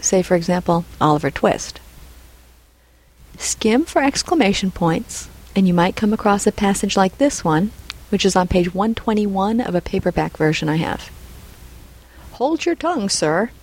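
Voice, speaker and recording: A woman's voice: medium pitch, lively intonation, normal speed, darkish tone, low-quality recording. A woman narrating a scripted lesson on punctuation, reading example dialogue aloud and naming each punctuation mark. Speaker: writing instructor.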